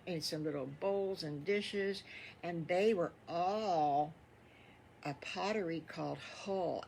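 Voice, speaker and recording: A woman's voice: lowish voice, gravelly, fairly bright tone, a little hiss or hum. An older woman, improvising a children's story in a folksy, rambling, affectionate way.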